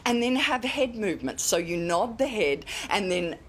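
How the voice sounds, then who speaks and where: A woman's voice: medium pitch, sing-song, normal speed. An Australian woman from Queensland, a communication expert, explaining emphatically on a morning TV show, swooping her voice to demonstrate points.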